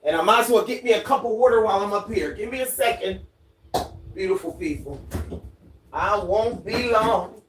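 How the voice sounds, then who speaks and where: A livestream host who has lived on a Caribbean island for ten years, chatting casually with viewers at home and reading out their comments in an unhurried way. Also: medium pitch, slight background noise. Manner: relaxed, unhurried, greets and reads out viewer comments. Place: at home, indoors, near a fan.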